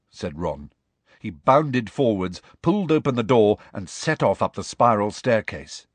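A man's voice: lowish voice, unhurried, breathy edge, no room sound. A man narrating a storybook expressively as an audiobook reader. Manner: expressive storytelling that shifts voice for each character. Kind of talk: scripted narration.

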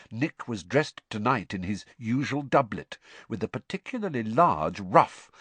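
A man narrating an audiobook in an animated storytelling manner. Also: lowish voice, no echo. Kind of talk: scripted narration.

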